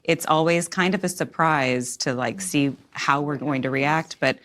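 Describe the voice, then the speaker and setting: A woman, an actress, speaking in a thoughtful and relaxed way in a casual panel conversation. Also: low-pitched, measured pace.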